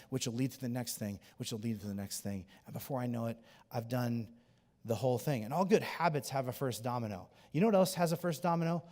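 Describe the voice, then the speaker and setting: A man preaching a sermon as a pastor, telling stories in an animated way and acting out the people he quotes. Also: mid-range voice. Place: church auditorium. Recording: church hall reverb.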